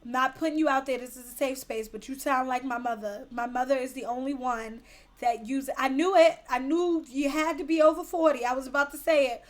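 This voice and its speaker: Brash, teasing woman with a high voice. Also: fairly quick. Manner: brash, profane, teasing, laughs often. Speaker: livestream host. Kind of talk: casual live chat reading comments.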